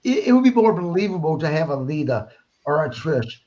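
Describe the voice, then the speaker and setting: Man, podcast host, blunt, swears casually, slightly high voice, dull lo-fi sound. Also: very animated, fairly quick, warm tone. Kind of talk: casual wrestling recap chat.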